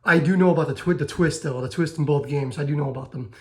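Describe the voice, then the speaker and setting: A man's voice: on the high side, fast talker, reverberant. A man giving a rambling spoken review of a video game, often restarting and repeating himself.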